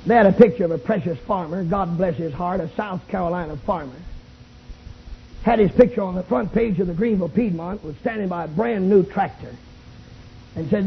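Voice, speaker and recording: A Baptist preacher, shouting a fiery revival sermon in a tent and calling for amens. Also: male voice, high voice, fairly quick, vocal fry, breathy edge. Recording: tinny lo-fi old tape recording.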